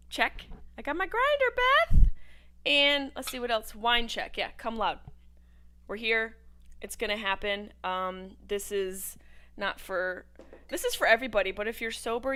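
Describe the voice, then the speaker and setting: A woman's voice: mid-range voice, bright, forceful tone. Brash profane woman hosting a livestream. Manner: brash and profane, jumping between topics. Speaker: host. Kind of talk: casual livestream watch-party chat.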